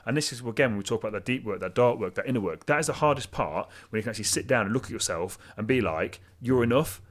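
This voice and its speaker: A man's voice: lowish voice, lively intonation, racing. A man guest on a podcast, telling his story candidly and with self-deprecating humour. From England.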